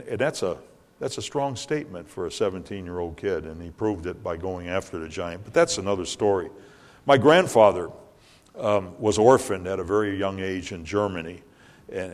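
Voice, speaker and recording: An older man preaching a sermon, swelling louder and higher on key lines as he tells stories to the congregation. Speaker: pastor. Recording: long hall reverb.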